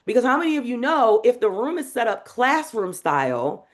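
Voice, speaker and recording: A woman teaching a live online masterclass on public speaking, in an energetic, demonstrative way. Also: on the high side, moderate pace. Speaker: speaking coach. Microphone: video call.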